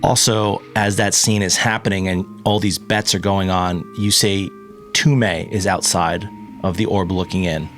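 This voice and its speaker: A man's voice: low-pitched, fairly even intonation, a little slow, fairly bright tone, soft background music. A man playing in a tabletop game, casually explaining what his character did. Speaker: player.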